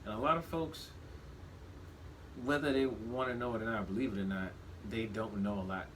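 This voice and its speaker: Low-voiced reflective man, noisy recording. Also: normal speed. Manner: reflective, restarts often, animated when quoting himself. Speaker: podcast co-host. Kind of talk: casual conversation. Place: shop. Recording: steady background noise.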